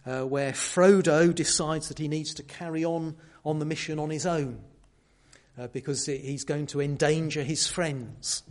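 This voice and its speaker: Man, preacher, sermon, earnest teaching tone, slightly higher voice. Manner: earnest teaching, explaining a word and telling a story.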